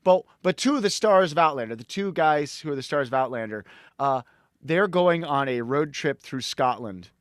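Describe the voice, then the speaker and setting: A middle-aged man from Connecticut, a podcast guest telling animated, rambling stories in casual conversation. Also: on the high side, normal speed, no echo, clean studio sound. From Connecticut, USA.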